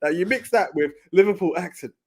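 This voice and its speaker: A man's voice: high-pitched, fairly quick, a little hiss or hum. A British man with a plain, unposh English accent, co-hosting a podcast in rambling casual chat. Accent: English, not posh. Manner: chatty, rambling, with restarts. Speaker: podcast co-host.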